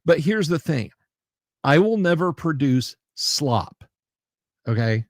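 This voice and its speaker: A man hosting a livestream talks in an unhurried, stop-and-start way, full of pauses and restarts. He repeats key phrases to drive his point home. His voice is recorded close and dry, with no room sound. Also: a little high, big pitch swings, no echo. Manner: emphatic, repeats himself. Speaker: livestream host. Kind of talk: casual chat.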